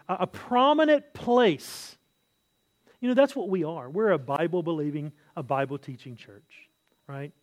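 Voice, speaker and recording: A married man preaching a sermon as pastor, earnest, repeating key phrases and often restarting his sentences. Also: high-pitched. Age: adult, married.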